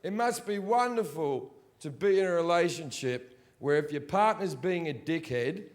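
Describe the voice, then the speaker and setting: Brash, crude stand-up man, high voice. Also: lively intonation, moderate pace. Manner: brash, crude, mocking punchlines. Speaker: stand-up comedian. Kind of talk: stand-up comedy set. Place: large theater with audience. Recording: roomy live hall, audience noise.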